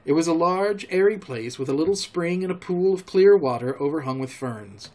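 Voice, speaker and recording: A man, a podcast storyteller, reading a classic adventure novel aloud in a measured, expressive way. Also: fairly high pitch.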